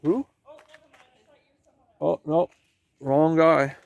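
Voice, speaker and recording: A man with a gravelly, creaky voice talks into a handheld camera while walking outdoors on a trail. He thinks aloud, halting and restarting often, in a loose vlog style. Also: fairly high pitch, steady tone, darkish tone. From Canada. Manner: halting, musing, many restarts. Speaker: vlogger. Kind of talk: rambling walk-and-talk vlog.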